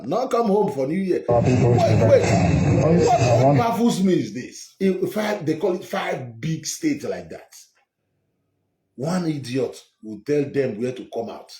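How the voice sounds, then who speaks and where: A man's voice: medium pitch, a little slow, roomy sound, background noise. A man hosting a heated political monologue online, scolding and mocking with many repetitions. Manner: animated, scolding, mocking, repeats himself.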